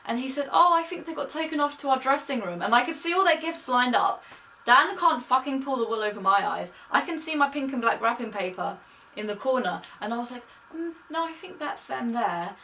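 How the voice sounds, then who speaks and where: A young woman vlogger tells a story in a chatty, gushing way, quoting people in her own voice. Her voice is high, expressive, a little fast and sharp in tone. The casual vlog is recorded on a distant mic with faint noise.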